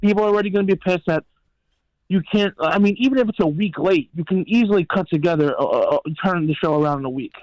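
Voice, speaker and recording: A man's voice: high-pitched, fast, a little mellow, no echo, dull audio. A man calling in to a talk show, talking bluntly and rambling with lots of swearing. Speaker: caller and regular. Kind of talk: casual chat.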